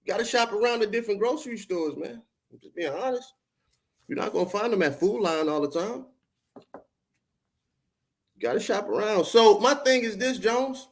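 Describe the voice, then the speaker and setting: Confrontational, high-voiced podcast host. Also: male voice, expressive, normal speed, long pauses. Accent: Baltimore. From Baltimore. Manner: confrontational, profane, preachy street talk. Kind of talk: heated livestream rant at chat.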